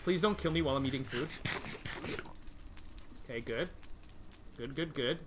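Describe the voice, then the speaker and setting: A young man streaming a video game live, chatting with his viewers, reading their messages and yelling in frustration when things go wrong. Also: medium pitch, normal speed, background noise. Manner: excitable, yells in frustration when dying; reads and answers chat. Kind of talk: live gaming stream commentary.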